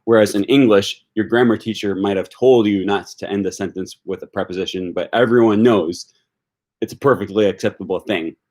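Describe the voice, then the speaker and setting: A man with a fairly low voice chats loosely on a livestream, thinking out loud as he goes. He fills his pauses with ums and uhs and turns to answer questions from viewers. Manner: thinks aloud with many fillers, answers viewer comments. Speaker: language-learning YouTuber hosting a live discussion. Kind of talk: casual livestream chat.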